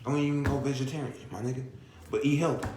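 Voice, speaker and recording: A man's voice: medium pitch, fast talker, darkish tone, roomy sound, a little hiss or hum. A man vlogger in a profane comedic rant who fires off repeated rhetorical questions and curses constantly. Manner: repetitive, rhetorical questions, heavy cursing.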